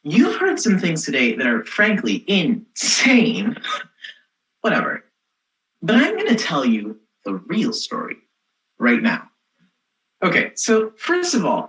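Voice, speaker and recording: Casting: young actress as a snarky teen girl rebel, sarcastic storyteller, pitch swings widely. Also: wildly swooping pitch, slow, fairly bright tone, full character voice, poor audio. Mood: sardonic. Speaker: student actor. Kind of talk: comic stage monologue.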